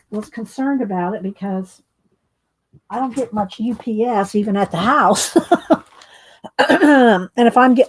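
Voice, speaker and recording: A mixed-media art creator talks informally through a craft tutorial while painting, hoarse and losing her voice, clearing her throat and muttering to herself often. Her pitch is medium and her tone a bit dark.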